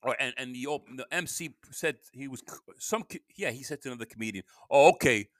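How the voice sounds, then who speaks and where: A man's voice: medium pitch, fast, dry recording, studio quality. A middle-aged man hosting a podcast, rambling through a solo monologue and often breaking off mid-sentence, his voice tired. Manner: meandering, self-interrupting, swings between loud and mumbling. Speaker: podcast host.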